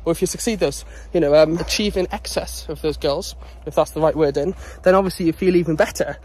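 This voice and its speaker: Man vlogging outdoors, rambly, winded, slightly higher voice, phone camera. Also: fast, darkish tone, a little hiss or hum. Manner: rambling, chatty, talking while jogging. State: out of breath. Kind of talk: casual vlog chat. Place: outdoors on a dog walk.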